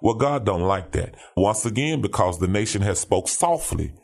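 Animated preacher-cop with lilt. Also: male voice, fairly low pitch, moderate pace, creaky. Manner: emphatic, repeats phrases, frequent "all right?" tag. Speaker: pastor and police officer. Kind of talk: conversational commentary with preaching cadence.

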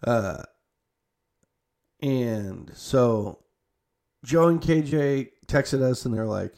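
A man's voice: mid-range voice, lively intonation, very slow, gravelly, pauses often, a little mellow. A young man telling a long family story in casual, rambling speech full of "like" and restarts. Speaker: storyteller recounting a family visit.

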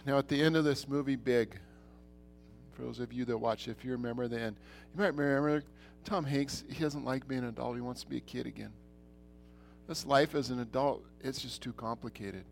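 A middle-aged man preaching a church sermon, earnest, repeating himself, swinging between loud and soft. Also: medium pitch, steady tone, brisk, creaky, soft background music. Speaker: pastor.

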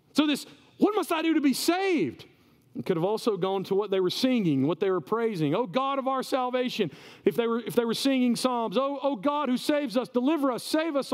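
A male pastor giving a sermon in a conversational, animated way, often repeating words as he goes. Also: high-pitched. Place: church. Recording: reverberant church hall.

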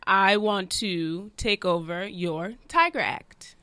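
A woman plays a Jamaican dog walker interviewing for a circus job, eager and salesy, stretching out her lists. The voice is bright and forceful, and it sounds close and dry with no room around it. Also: medium pitch, slow, clean tone, no room sound. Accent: put-on Jamaican.

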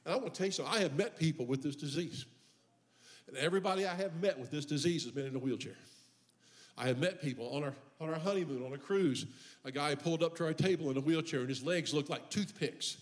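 Fervent preaching man with a higher voice. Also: fast. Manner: impassioned preaching that builds in pitch and force on repeated refrains; humorous storytelling about his own life. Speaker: pastor. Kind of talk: sermon. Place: church.

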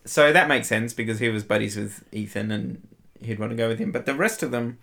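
Man, middle pitch, relaxed podcast recap, laughs easily, filler words. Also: fairly quick, vocal fry. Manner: easygoing, laughing, lots of "like" and "yeah". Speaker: podcast co-host. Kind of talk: casual film chat.

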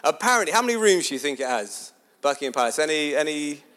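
Chatty guy doing a sermon-style story talk, keeps asking the crowd questions, voice a bit on the high side. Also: brisk. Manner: animated, chatty, asks the audience questions.

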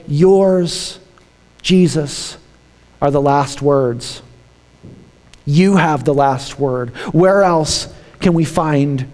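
A male pastor preaching a dramatic sermon, swinging from hushed lines to shouted ones. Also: high-pitched, in a large hall.

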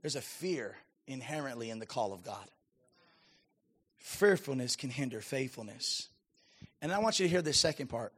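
A man's voice: medium pitch, big pitch swings, fast talker, hardly any pauses, a bit bright, husky. A man preaching a sermon as a pastor, emphatic and calling out to his congregation. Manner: emphatic preaching with audience call-outs.

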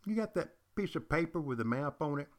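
A man's voice: a little high, lively intonation, fairly quick. Emphatic older man telling history. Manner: emphatic, repetitive, addresses listeners directly. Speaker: podcast host. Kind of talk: storytelling history lecture.

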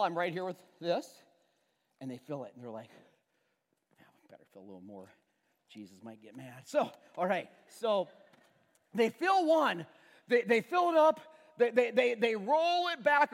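A man preaching a sermon to a congregation, telling the story with lively acted-out voices and a prop. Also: sits high. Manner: animated storytelling, acts out characters and uses a prop. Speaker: pastor. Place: church sanctuary with audience. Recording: church hall with long reverb.

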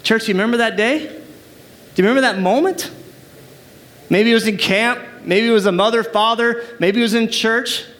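Very high-voiced man preaching. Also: moderate pace, a bit bright. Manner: emphatic, addresses the congregation with call-and-response. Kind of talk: sermon. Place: church service.

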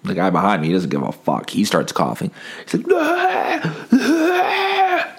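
A man's voice: sits low, animated, quick pace, slightly rough. A sick young man hosting a casual solo podcast, telling wry, rambling stories while holding back coughs. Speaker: podcast host.

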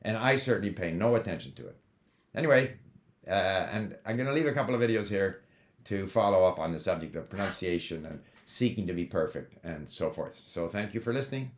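A man's voice: low voice, lively intonation, fairly quick, slight background noise. A man hosting a language-learning video, talking in an opinionated, conversational way with frequent fillers. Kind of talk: casual monologue to camera. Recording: roomy echo.

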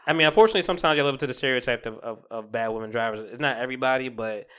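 Animated young man telling stories. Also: mid-range voice, very fast, smooth. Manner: animated storytelling, swears a lot, laughs often. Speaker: podcast co-host. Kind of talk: casual chat.

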